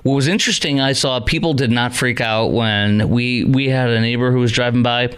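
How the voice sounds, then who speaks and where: A man hosting a call-in talk radio show, chatty and animated with many asides. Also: medium pitch, brisk, clean tone. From North Texas.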